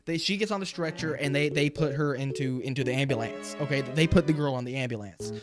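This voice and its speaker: A man's voice: mid-range voice, quick pace, music in the background. A young man animatedly retelling a story in a slangy storytime vlog, often saying "bro". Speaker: vlogger.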